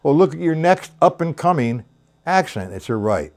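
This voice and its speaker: A man's voice: a little high, very animated, moderate pace, darkish tone. A man teaching a live-streamed drum lesson. He counts rhythms aloud, calls out stickings and talks to viewers by name. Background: drum kit.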